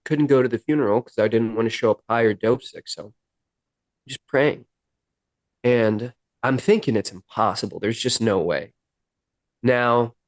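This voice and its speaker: A man's voice: mid-range voice, darkish tone, no room sound. Earnest man telling a recovery story. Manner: earnest, emotional retelling with quoted dialogue. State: near tears at times. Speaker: podcast guest, musician. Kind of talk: storytelling in a sit-down interview.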